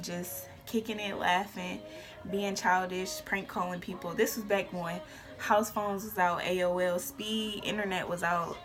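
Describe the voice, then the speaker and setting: Animated young woman telling a story. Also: on the low side. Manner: animated storytelling with whispered asides and shouted quotes. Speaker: vlogger. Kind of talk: casual storytime.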